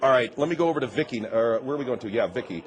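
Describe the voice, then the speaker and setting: A man's voice: mid-range voice, animated, rapid-fire. A man hosting a talk radio comedy show, refereeing the argument in an exasperated way. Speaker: radio host.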